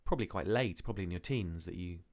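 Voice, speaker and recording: A man's voice: deep voice, fast talker, a little mellow. A man co-hosting a casual podcast, needling his friend with dry teasing and pointed questions. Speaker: podcast co-host. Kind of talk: casual chat.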